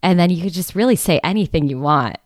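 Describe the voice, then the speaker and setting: A woman's voice: fairly low pitch, animated, fast talker, no echo, clean studio sound. A woman co-hosting a podcast, chatting in an easygoing way and laughing often. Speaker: podcast co-host. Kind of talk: casual podcast chat.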